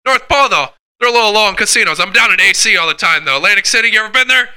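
Hyper, profane Santa Claus, played by a man, high and very bright, rambling and stammering through an improvised sketch. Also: expressive, very fast, smooth, full character voice. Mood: manic. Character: wired, foul-mouthed, sleepless Santa Claus man.

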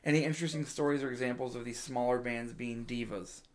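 A man's voice: medium pitch, steady tone, quick pace. A man co-hosting a podcast, laid-back and agreeable, reading out listener questions. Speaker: podcast co-host. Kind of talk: casual chat.

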